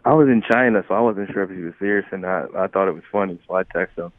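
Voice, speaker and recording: A young man speaking as a guest in an interview, relaxed and chuckling often, sometimes restarting his phrases. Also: deep voice, quick pace, no echo. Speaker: guest athlete. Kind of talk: casual interview talk. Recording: tinny phone line.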